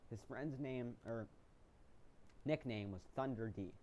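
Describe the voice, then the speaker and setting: A young man casually retelling a story in vlog commentary, chatty and excited, with frequent ums and restarts. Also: mid-range voice, slow, slight background noise. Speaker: vlogger recapping a reality show.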